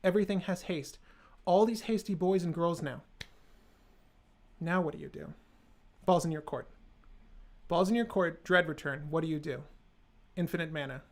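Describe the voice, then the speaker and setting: Male streamer, higher-pitched voice, casual and sarcastic, chatting with a live audience. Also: normal speed, pauses often. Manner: joking, sarcastic, talks to chat.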